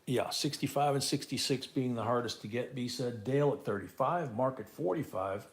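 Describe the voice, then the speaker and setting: In a medium-pitched voice at a normal speed, a man chats through a casual live coin auction from his home. He calls out bids for viewers and keeps repeating the bids and his co-host's comments.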